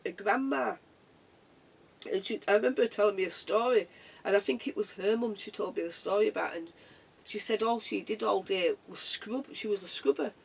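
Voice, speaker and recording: Vlogger talking from the heart, raspy husky voice, repeats stuff, sounds a bit far off the mic. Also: mid-range voice, fairly quick. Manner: earnest, reflective, repeats phrases. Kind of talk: heartfelt motivational monologue.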